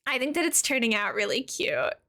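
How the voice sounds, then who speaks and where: Bright, bubbly woman streamer. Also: sits high, animated, a little fast, vocal fry. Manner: chatty and giggly, chatting with viewers. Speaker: game streamer. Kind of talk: casual live-stream chat while playing.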